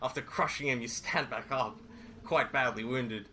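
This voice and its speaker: Bright-voiced man narrating a tabletop game. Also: medium pitch, a little hiss or hum. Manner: dramatic, halting with fillers. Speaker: game master.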